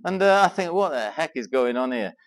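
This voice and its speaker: A middle-aged man from England telling an animated personal story to a Christian men's gathering, acting out the dialogue as he goes. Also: mid-range voice, fairly quick. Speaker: speaker at a men's Christian weekend. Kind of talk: storytelling talk to a live audience.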